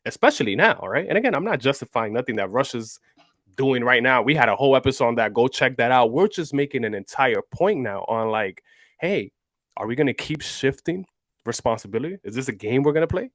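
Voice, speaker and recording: A man's voice: medium pitch, sing-song, brisk, fairly bright tone, no echo, studio quality. Casual man co-hosting, asking rhetorical questions. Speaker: podcast co-host. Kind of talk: casual political chat.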